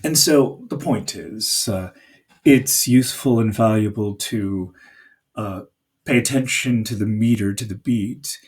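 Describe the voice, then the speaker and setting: A man's voice: fairly low pitch, slightly rough. A man teaching a poetry lesson, explaining patiently with fillers and reading lines aloud. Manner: slow, patient explaining with fillers, sounds out rhythms.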